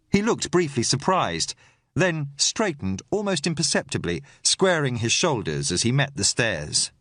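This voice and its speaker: Male audiobook narrator, mid pitch, animated delivery, dry studio read. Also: dry recording. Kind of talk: scripted first-person audiobook narration.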